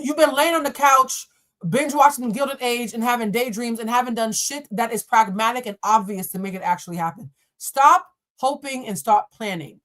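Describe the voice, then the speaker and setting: A woman reads tarot on a live stream. She is animated and blunt, and she talks straight to her viewers and swears freely. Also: sits high. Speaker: tarot reader.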